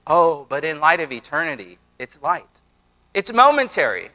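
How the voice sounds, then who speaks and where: A man's voice: a little high, big pitch swings, moderate pace, pushed and bright. A man in his forties preaching a sermon to a church congregation, earnest, with repetitions and casual asides. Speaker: pastor.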